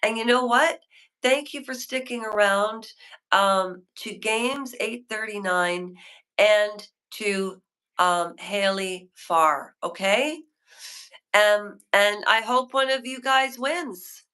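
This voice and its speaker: A woman hosts a rambling live stream, chatting with her viewers from a hotel room. She talks at an unhurried pace, and her voice is bright and forceful. She is opinionated and keeps drifting from one thought to the next. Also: mid-range voice. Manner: chatty, opinionated, wanders off topic. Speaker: livestream host.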